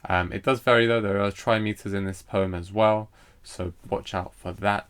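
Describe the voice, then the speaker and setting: In a recorded poetry lesson, a man explains meter hesitantly, with lots of fillers and restarts, then reads poetry lines aloud slowly and with stress. His voice is on the low side, steady, fairly bright, clear and resonant.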